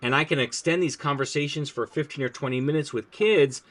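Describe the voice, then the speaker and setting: A language teacher chats casually about his classroom, acting out pieces of lessons and classroom voices as a lively storyteller. His voice is a little high and his delivery brisk.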